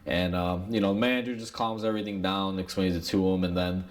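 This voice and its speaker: A man's voice: deep voice, steady tone, quick pace. A man, an auto mechanic, telling a work story in a casual, rambling way, with lots of fillers and asides to his viewers. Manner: rambling, filler-heavy, addresses viewers as "guys". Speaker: auto mechanic sharing shop stories.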